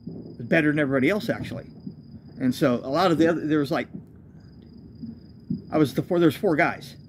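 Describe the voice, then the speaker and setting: A man's voice: fairly high pitch, quick pace, slight background noise. A man, a homeless traveler, telling his own road story in a loose, profane, self-correcting way. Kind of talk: rambling spoken storytelling.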